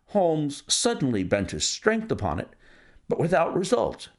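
A man narrating a classic detective story in steady, scripted storytelling. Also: medium pitch, unhurried. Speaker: audiobook narrator.

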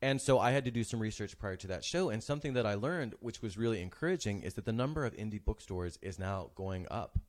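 Guy hosting a chatty show, lowish voice, teasing, laughs a lot. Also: lively intonation, fast, hardly any pauses. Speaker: host. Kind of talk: casual chat.

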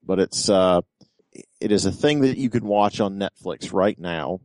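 Male podcast co-host, very low voice, dry close sound, halting explanations. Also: a little mellow, no echo. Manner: halting, lots of ums and uhs while explaining. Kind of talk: casual chat.

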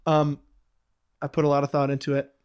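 A man co-hosting a casual podcast chat, joking with quick asides and laughing often. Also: a little high, completely flat delivery, darkish tone, smooth. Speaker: podcast co-host.

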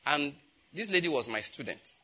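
A Nigerian-accented pastor in his fifties preaches and tells personal stories with animation, his voice on the high side, moderately paced and edged with breath. When he acts out conversations, he becomes loud and emphatic.

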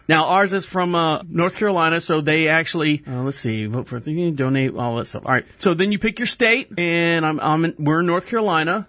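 A man hosts a radio show in an easygoing, rambling way. His voice sits high for a man and sounds dry and close to the mic. He drifts into chatty asides and laughs along the way. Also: a bit bright, no echo. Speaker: radio host. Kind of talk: casual talk radio.

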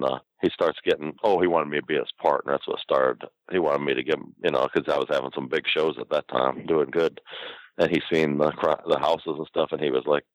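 A man's voice: very deep voice, dry recording, lo-fi sound. A man, a wrestling promoter, telling a rambling, profane story in a casual interview. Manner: rambling, profane, full of fillers.

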